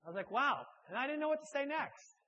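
Male church speaker, fairly high voice, halting, self-mocking storyteller. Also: very animated, sharp tone, muffled recording. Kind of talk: humorous personal anecdote.

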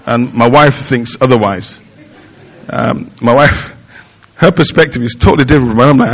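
A middle-aged male pastor preaching in an easy, conversational way. He pokes fun at himself and often stops and restarts his sentences. His voice sits at an ordinary middle pitch. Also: moderate pace, a bit bright, breathy edge, highs cut off. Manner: conversational, self-deprecating, with frequent fillers and restarts. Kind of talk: sermon.

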